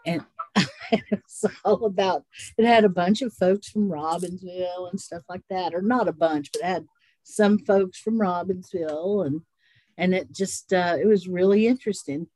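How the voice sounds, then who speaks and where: A woman with a Southern Appalachian accent, co-hosting a casual chat and telling stories in an unhurried, rambling way. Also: on the low side, mellow, no echo. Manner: unhurried, rambling storyteller with frequent laughs. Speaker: podcast co-host. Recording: dry close sound.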